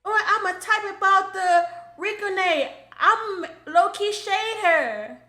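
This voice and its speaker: A young woman with a high voice tears into her subject in a casual commentary rant. She is blunt and profane, and she circles back to the same points again and again. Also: slow pace, pushed and bright. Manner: blunt, repetitive, profane scolding. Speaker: commentary creator.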